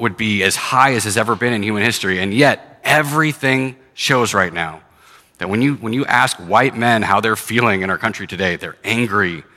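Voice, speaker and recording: A man's voice: fairly low pitch, pushed and bright. Earnest male preacher in a reverberant hall. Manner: earnest, conversational preaching with some restarts. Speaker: pastor. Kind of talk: sermon with scripture reading.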